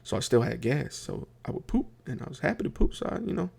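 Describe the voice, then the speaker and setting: Raspy gravelly guy rambling through a funny story on his podcast, lots of uhs, keeps talking to the listeners. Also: medium pitch, very animated, fast talker, darkish tone. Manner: chatty, addresses listeners directly; rambling with many fillers and restarts. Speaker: podcast host. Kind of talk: casual comic storytelling.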